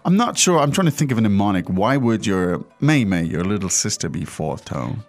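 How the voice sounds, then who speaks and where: A man's voice: on the low side, big pitch swings, brisk, soft background music. A man hosting a language-lesson podcast, who explains patiently and keeps checking in with his co-host. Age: adult father.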